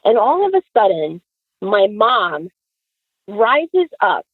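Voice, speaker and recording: A woman tells a story in casual conversation with lively energy, acting out the dialogue as she goes. Her voice is mid-pitched and comes through a narrow, phone-like channel. The sound is dry, with no room around it. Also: slow, breathy edge, dry recording. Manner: animated, acts out quoted dialogue. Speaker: podcast guest.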